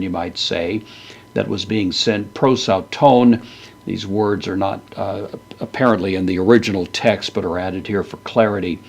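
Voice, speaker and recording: A man with a low, husky voice works through a Bible passage word by word. He speaks slowly and deliberately, sounding out each Greek term with care before explaining its meaning. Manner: slow, deliberate, pronounces Greek words carefully. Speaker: Bible teacher. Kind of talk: verse-by-verse Greek lesson.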